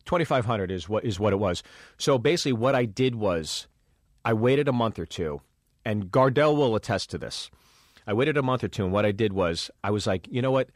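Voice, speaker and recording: A man's voice: lowish voice, lively intonation, fairly quick, no room sound, clean studio sound. A man, a comedian co-hosting a podcast, telling a road story in casual chat and acting out the dialogue with plenty of swearing.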